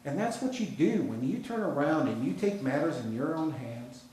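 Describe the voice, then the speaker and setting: A man's voice: a little high, expressive, moderate pace, darkish tone, a little hiss or hum. A man preaching a sermon with an American accent, talking in a conversational, folksy storytelling way with casual asides. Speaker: pastor. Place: church sanctuary. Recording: very echoey church hall.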